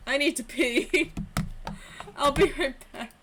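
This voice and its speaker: A woman's voice: high voice, slow, pauses often, a bit bright, slight background noise. A woman streaming a game live, worked up and swearing as she chats. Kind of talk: casual live-stream gaming chat. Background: game music.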